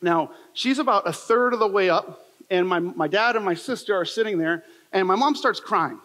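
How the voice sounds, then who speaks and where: Emphatic high-voiced man in a reverberant hall. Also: moderate pace, sharp tone. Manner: emphatic, repetitive, storytelling delivery. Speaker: motivational speaker. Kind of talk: motivational keynote talk. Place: large event hall. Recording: long reverb of a large hall.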